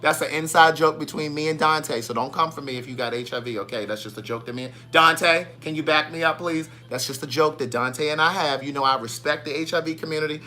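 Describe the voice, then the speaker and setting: A man's voice: on the high side, fast, few pauses. Sassy man hosting a live stream. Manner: playful, sassy, animated shout-outs. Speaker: livestream host. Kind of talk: casual live-stream chat greeting viewers.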